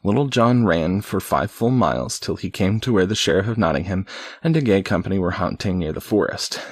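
A man's voice: deep voice, animated, fairly quick, husky. A man casually reading a storybook aloud, stumbling now and then and adding wry asides. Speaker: reader.

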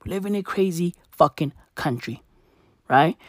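Brief: South African woman, late twenties, exasperated vlogger, heavy swearing, repeats herself, slightly low pitch, dry recording. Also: animated, normal speed, no echo. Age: 20s. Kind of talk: profane ranting monologue.

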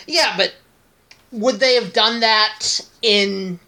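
A woman with a bright, clear voice chats casually on a podcast. She makes wry, skeptical remarks as she talks. Her tone stays conversational and dry. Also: medium pitch, slow. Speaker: podcast co-host. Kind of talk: casual chat reviewing anime.

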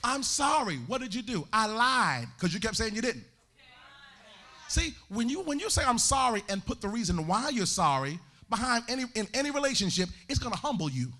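A male pastor preaching a sermon in a church, swinging into sung and shouted climaxes. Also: extremely high pitch, sing-song, moderate pace.

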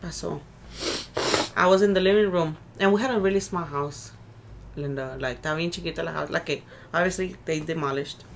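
A woman's voice: deep voice, fairly quick, creaky, slight background noise. A woman co-hosting a podcast from Mexico, telling a story in casual chat and mixing English and Spanish with swearing. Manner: code-switches between English and Spanish, swears freely. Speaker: podcast co-host.

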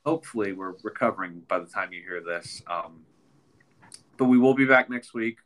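A man's voice: fairly low pitch, normal speed, fairly bright tone. A man co-hosting a podcast in casual chat, congested and nasal from a sinus infection, rambling with many ums and restarts. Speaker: podcast co-host.

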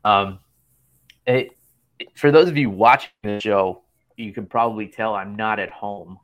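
A man's voice: lowish voice, unhurried. A man in his thirties hosting a casual chat show from a hotel room, rambling and laughing often. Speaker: podcast host.

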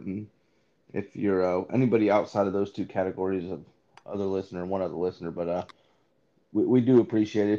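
A man's voice: lowish voice, mellow, muffled recording. A man co-hosting a podcast, hesitant and self-mocking, stumbling over his words in casual chat. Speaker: podcast co-host.

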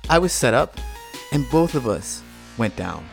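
Male speaker, mid pitch, very expressive swings in intonation, storytelling talk over faint music. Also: measured pace, vocal fry. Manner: animated, acts out heated arguments. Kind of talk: public talk with personal storytelling.

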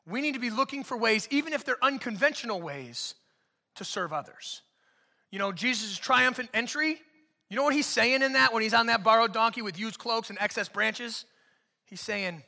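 A man's voice: high voice, a little fast, pushed and bright, big-room sound. A man preaching a sermon from a church stage, talking casually and joking with the congregation. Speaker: pastor.

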